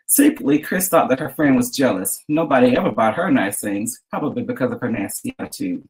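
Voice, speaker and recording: Animated woman author, chatty storyteller. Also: a bass voice, brisk, few pauses, rough recording. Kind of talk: casual chat and reading from her book.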